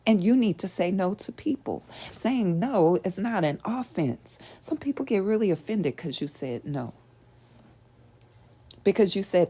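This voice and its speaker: A woman's voice: mid-range voice, animated, a little slow, warm tone, breathy edge. A woman hosting a show, teaching spiritual principles to a live audience in an earnest, conversational way and often asking them rhetorical questions.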